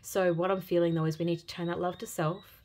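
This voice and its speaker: A woman giving an intuitive tarot reading for viewers, speaking in an earnest, gentle and heartfelt way and often repeating phrases. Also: fairly low pitch, flat delivery, fast. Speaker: tarot reader.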